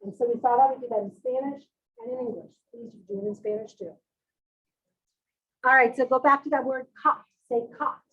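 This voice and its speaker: Animated woman leading a reading workshop. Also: sits high, brisk, highs cut off. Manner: animated, leads call-and-response drills. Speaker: literacy workshop presenter. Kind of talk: interactive parent workshop.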